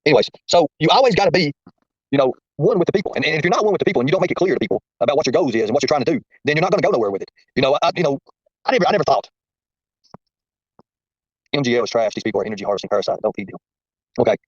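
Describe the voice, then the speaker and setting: A man's voice: fairly high pitch, expressive, racing, husky, dry recording. A man hosting a casual livestream chat, folksy and preachy, who repeats his points. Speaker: livestream host. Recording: muffled lo-fi stream audio.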